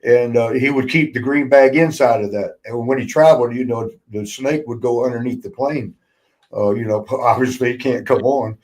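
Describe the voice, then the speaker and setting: A man's voice: medium pitch, normal speed. A man, hosting a podcast and telling wrestling road stories in casual chat, laughing often and swearing freely. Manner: laughing often, swearing, lively retelling with voiced quotes. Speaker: podcast host, former wrestler.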